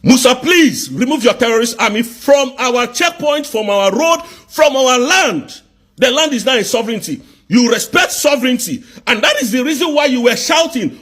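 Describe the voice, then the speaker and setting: A man with a Nigerian accent in an angry live rant, firing off accusing rhetorical questions and sometimes shouting. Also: very high-pitched, expressive, a little fast. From southeast Nigeria.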